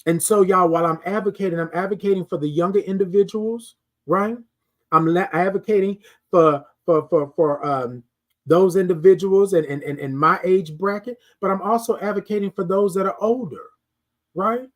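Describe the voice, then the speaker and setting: Middle-aged guy on a morning livestream, kinda high voice, preachy and repeating himself, greeting folks in chat. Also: normal speed. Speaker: host of a morning live show. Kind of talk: motivational live-stream talk.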